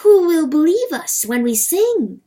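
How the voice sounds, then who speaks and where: Eerie cock's-crow chorus played by a woman, high and uncanny, for a storybook reading. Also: sing-song, extremely slow, creaky, fairly bright tone, husky, full character voice.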